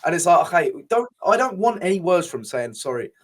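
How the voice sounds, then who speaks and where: Frustrated young man ranting, slightly high voice. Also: very animated, fairly quick. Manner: passionate and frustrated, swears freely, rambling restarts. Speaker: podcast co-host. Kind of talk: casual chat.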